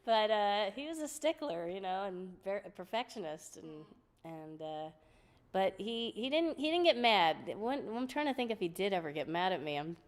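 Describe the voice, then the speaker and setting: A woman guest on an interview show, telling stories in a lively, laughing way, often restarting her sentences. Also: mid-range voice, moderate pace. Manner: animated, laughing storyteller with frequent restarts. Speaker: guest vocalist. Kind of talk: casual interview storytelling.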